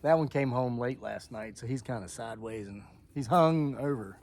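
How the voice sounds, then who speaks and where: Outdoors on his homestead, a man vlogs into a camera mic, telling a rambling, joking story full of asides. His voice is mid-range and his pace normal.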